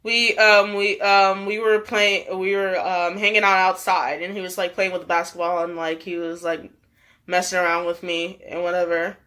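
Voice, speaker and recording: A woman's voice: fairly low pitch, flat delivery, moderate pace, bright, forceful tone. A young woman vlogger telling a story in a chatty way, full of "like" and laughs. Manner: chatty, many fillers and laughs. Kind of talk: storytime vlog chat.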